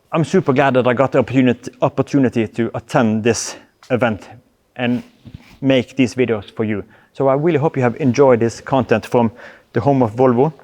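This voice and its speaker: A man's voice: mid-range voice, a little mellow. Man vlogging casually. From Norway. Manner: chatty, addresses viewers directly, loose non-native grammar. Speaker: car vlogger. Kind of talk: casual vlog talk to camera.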